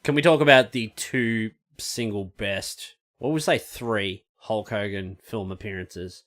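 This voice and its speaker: A man's voice: on the low side, a little slow, a bit bright. A young man hosting a podcast, bantering and joking in casual chat.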